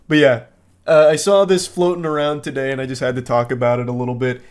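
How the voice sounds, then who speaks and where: A man giving comedic commentary on text message screenshots, sardonic, deadpan and profane. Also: medium pitch. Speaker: online commentator.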